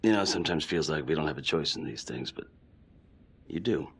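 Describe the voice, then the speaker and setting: An actor playing a steady male police chief in a video game cutscene, calm, measured and paternal. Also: rumbling low, husky, full character voice.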